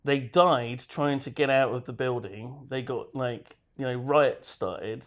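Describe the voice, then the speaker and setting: A man's voice: medium pitch, unhurried. A man co-hosting a casual chat, dropping wry, sarcastic remarks and swearing.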